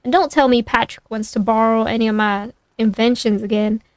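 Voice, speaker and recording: A chipper, folksy girl squirrel scientist who prattles on brightly, as a woman puts her on while reading a storybook. Her voice sits a little high and rings dry and close. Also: fairly even intonation, a little fast, no echo, natural voice. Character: spunky female squirrel scientist, chatty and folksy.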